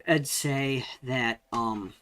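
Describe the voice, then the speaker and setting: A man's voice: medium pitch, very slow, fairly bright tone. A man giving casual, rambling commentary while playing a game on stream, swearing when surprised. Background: game music.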